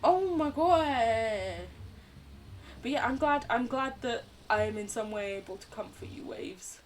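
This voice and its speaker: A young woman streaming a game, chatting casually and warmly to her chat. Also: fairly high pitch, normal speed, recorded from a distance, a little hiss or hum. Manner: chatty, bubbly, talks to chat. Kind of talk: casual gameplay commentary.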